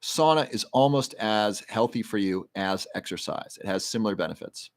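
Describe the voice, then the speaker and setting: A man with a fairly low voice hosts a casual livestream. He reads viewer questions aloud and answers them in a loose, rambling way, explaining health research in plain terms. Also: animated, normal speed.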